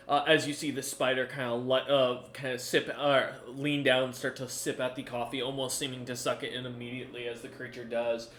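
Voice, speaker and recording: A man's voice: mid-range voice, flat delivery, fairly quick, hardly any pauses, fairly bright tone. A man running a tabletop game as game master, narrating with many fillers and self-corrections.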